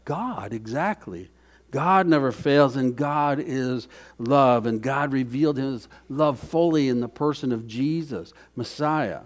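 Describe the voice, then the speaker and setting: Guy preaching a sermon, kinda high voice, earnest, repeats stuff and goes quiet for emphasis. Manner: earnest, repeats key phrases, drops to soft emphasis. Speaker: pastor.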